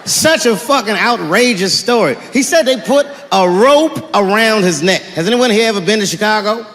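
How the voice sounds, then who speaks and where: A man doing stand-up comedy, telling stories in an animated way and slipping into character voices. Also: high-pitched, moderate pace, background noise. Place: live stage before an audience. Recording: live hall recording with crowd ambience.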